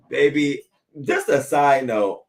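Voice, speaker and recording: A man hosting a casual morning news livestream from a swivel chair at home, animated and swearing, talking back to viewer comments. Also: on the high side, creaky. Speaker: host of a morning news show.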